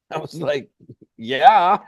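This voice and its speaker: A man's voice: mid-range voice, normal speed, no echo, lo-fi sound. A middle-aged man, a mountain guide, telling a story in a casual, rambling way with lots of "like" and "hey, man".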